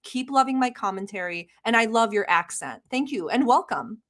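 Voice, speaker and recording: A woman's voice: fairly high pitch, lively intonation, moderate pace, fairly bright tone. A woman from the Middle East hosting a reaction channel, talking bluntly with sarcasm and swearing as she comments on clips. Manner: blunt, profane, sarcastic ranting.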